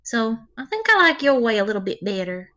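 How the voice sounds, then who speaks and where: A woman player in a tabletop role-play, talking casually and warmly about her character. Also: a little high, sing-song, fairly quick. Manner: casual, affectionate, in-character asides.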